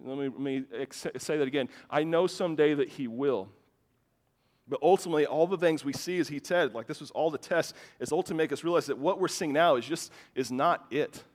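A man's voice: a little high, fairly quick, big-room sound. A man in his thirties preaching a sermon as pastor, impassioned and emphatic, often restarting his words. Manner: impassioned, rising to loud emphatic bursts, with repeated restarts. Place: church hall.

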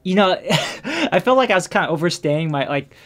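A man chatting casually, recounting a personal memory. His delivery is halting and reflective, with frequent restarts and fillers. He often lets his words trail off into quiet, subdued murmurs. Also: high-pitched, sing-song. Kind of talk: casual conversation, telling a personal story.

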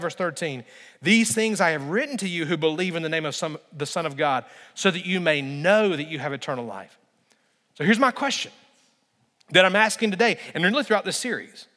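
A man with a high, bright-pitched voice delivers an emphatic sermon as a pastor. He slows down and leans on key phrases, and his voice carries through a large church sanctuary with a long reverb tail.

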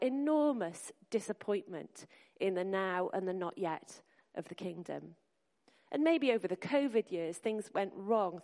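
A woman with a mid-range, slightly mellow voice preaches a sermon to a congregation in a church hall. She's earnest and encouraging and speaks directly to her listeners, with long hall reverb on the recording.

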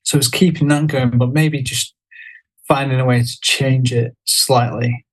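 A man's voice: medium pitch, steady tone, measured pace, breathy edge, low-quality recording. A man, a podcast guest, chatting casually and hesitantly, with many fillers and restarts. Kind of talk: casual chat.

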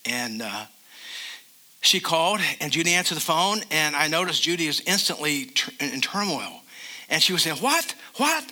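Bright-voiced older male pastor preaching. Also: fairly high pitch, expressive. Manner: emphatic preaching, slowing down on key phrases. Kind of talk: sermon.

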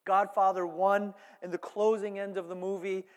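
At normal speed, a male pastor preaches a sermon with animated storytelling, slipping into hushed asides and building to loud, emphatic points. His voice sits high for a man, and a long reverb rings through the church hall.

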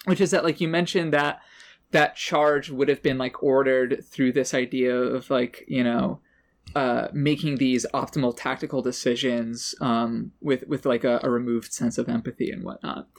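Man, podcast co-host, mid pitch, thoughtful and hedging, casual chat. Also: steady tone, normal speed, creaky. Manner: thoughtful, hedging, heavy use of "like". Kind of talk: casual tabletop character-building chat.

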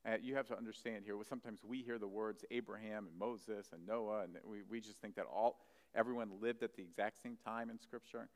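A man's voice: on the low side, a little fast. Man preaching in an echoing hall. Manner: animated, swings between loud emphasis and soft asides. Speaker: pastor. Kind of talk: sermon. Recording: long hall reverb.

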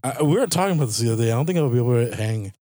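A man's voice: medium pitch, expressive, racing, dark tone, dry recording, studio quality. Man laughing through a candid story. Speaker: podcast guest. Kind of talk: casual chat. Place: in a car.

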